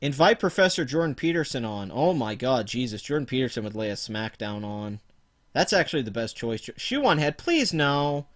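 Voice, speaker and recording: Casual male streamer, rambling and profane, mid-pitched everyday voice. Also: big pitch swings, moderate pace. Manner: profane, laid-back and rambling. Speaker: livestream host. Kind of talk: casual livestream commentary.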